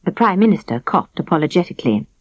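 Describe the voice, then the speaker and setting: A woman reads a storybook aloud with lively, animated intonation. Her voice sits at a middle pitch. The recording is dry and a little dull. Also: quick pace, no room sound. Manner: lively, expressive reading. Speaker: audiobook narrator. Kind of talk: scripted storybook narration.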